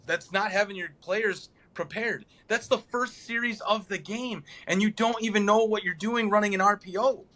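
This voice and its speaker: A young man co-hosting a casual sports podcast, talking in animated, rambling runs. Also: high voice, normal speed, hardly any pauses. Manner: animated, rambling, mimics players in a flat mumble. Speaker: podcast co-host.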